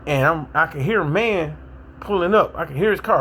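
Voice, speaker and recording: A middle-aged man casually telling his own recovery story with a Milwaukee accent, animated and acting out what people said. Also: a little fast, slight background noise. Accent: Milwaukee, African American Vernacular English. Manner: animated, acts out quotes, rises to excited high pitch in tense moments.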